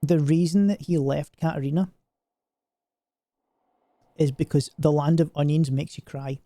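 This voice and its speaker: A man's voice: a little high, fairly even intonation, unhurried, mellow, no room sound, clean studio sound. A man streaming a game, chatting casually and joking in a rambling way with lots of filler words. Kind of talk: casual gaming stream commentary.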